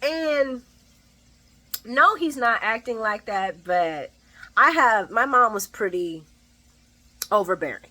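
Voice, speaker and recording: A woman giving a casual, profane daily soap opera recap with animated asides. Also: medium pitch, measured pace, poor audio.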